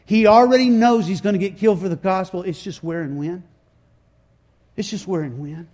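A man preaching a sermon, retelling scripture in folksy everyday words and swinging from quiet asides to shouted crowd chants. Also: sits high, moderate pace. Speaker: pastor.

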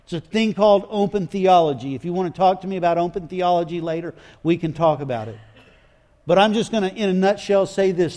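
A man's voice: sits high, a little fast, a little mellow. A man preaching a sermon in an emphatic, folksy way, often repeating his phrases.

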